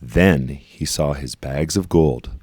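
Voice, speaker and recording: A man reading a children's storybook aloud, leaning slowly and emphatically on repeated phrases. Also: very deep voice, a little mellow, slightly rough.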